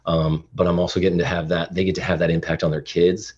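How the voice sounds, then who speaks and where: A dad influencer in his thirties, appearing as a podcast guest, speaks earnestly and with emotion in a casual interview, frequently restarting sentences. His low voice is level and fast with a breathy edge, and the recording's highs are cut off.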